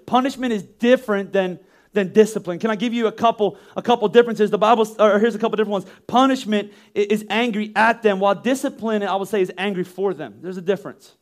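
A man preaching a sermon in an animated way, acting out yelling parents with sudden shouts and often repeating words as he restarts phrases. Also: sits high, fairly quick. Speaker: pastor.

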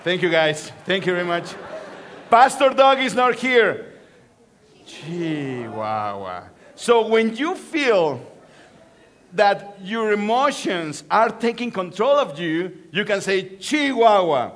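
A man's voice: high-pitched, animated, slow, a bit bright, a little hiss or hum. A middle-aged man with a Mexican accent, a Spanish native speaker, preaching a sermon to a church and joking with the congregation. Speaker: guest preacher.

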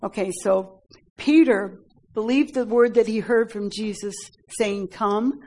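A woman teaching a Bible study, reading verses aloud and explaining them in an earnest, halting way with many fillers and "Amen?" prompts. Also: mid-range voice, fairly even intonation, darkish tone, low-quality recording.

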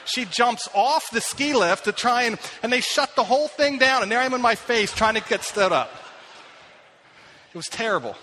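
Middle-aged male pastor, bright tenor, self-deprecating storyteller, long church reverb. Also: extremely high pitch, animated, moderate pace, slight background noise. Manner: self-deprecating storytelling, many fillers and restarts. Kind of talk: sermon with personal stories. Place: church hall.

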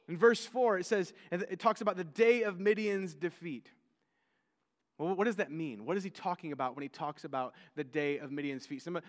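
A male pastor preaching a sermon in a conversational way, often repeating words and acting out the figures he quotes. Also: high voice. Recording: long hall reverb.

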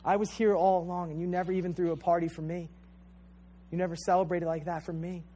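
A man's voice: high-pitched, little pitch movement, fast talker, dark tone, a little hiss or hum, close to an everyday voice. A man acting out a bitter, resentful older brother who is airing his grievances to his father. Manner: aggrieved, pleading complaint.

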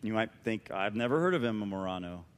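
A man preaching a sermon as pastor, animated and emphatic with a conversational touch, in a church. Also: lowish voice, fast, clear, resonant tone, in a large hall. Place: church sanctuary.

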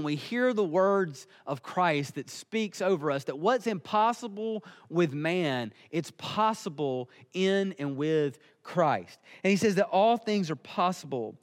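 Man, preacher, earnest sermon, emphatic, fairly high voice, long reverb. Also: lively intonation, a little slow. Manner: earnest, emphatic, building in intensity.

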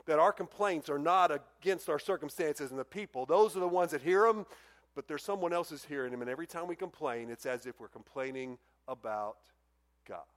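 A man preaching a sermon, acting out quoted complaints in a raised, animated voice. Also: a little high. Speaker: pastor.

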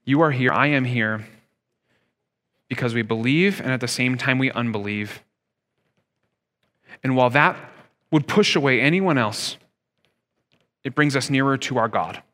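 Bright-voiced man preaching in an echoing hall. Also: medium pitch, a little slow, pauses often. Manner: conversational preaching with rhetorical questions. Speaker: pastor. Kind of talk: sermon. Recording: long hall reverb.

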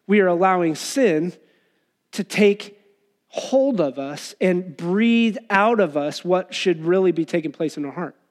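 High-voiced man preaching a sermon. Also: lively intonation, a little slow, a little mellow. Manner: earnest, conversational preaching with acted-out quotes. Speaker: pastor.

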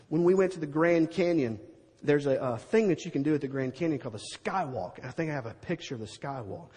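Middle-aged male preacher, high husky voice, lively storyteller, echoing hall. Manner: animated, acts out scenes with sound effects. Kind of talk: storytelling sermon.

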